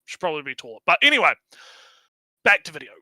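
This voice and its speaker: A man's voice: fairly high pitch, sing-song, quick pace, sharp tone. A man from New Zealand co-hosting a stream, talking crudely and laughing a lot between fillers. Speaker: stream co-host. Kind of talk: casual stream commentary.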